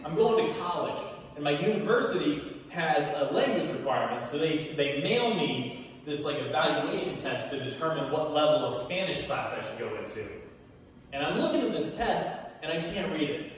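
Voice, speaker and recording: A young man performing a stand-up comedy set in a small theater, telling animated stories to a laughing audience. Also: fairly high pitch, normal speed, a little hiss or hum. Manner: animated storytelling, punchlines with crowd laughter. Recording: echoey hall from far off.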